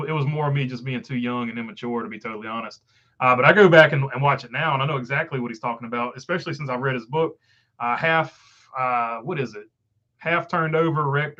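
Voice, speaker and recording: A man's voice: mid-range voice, fairly bright tone, lo-fi sound. A man with a Southern country accent hosting a casual live stream, reading viewer comments with lots of "uh" fillers. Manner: filler-heavy, rambling, frequent uh.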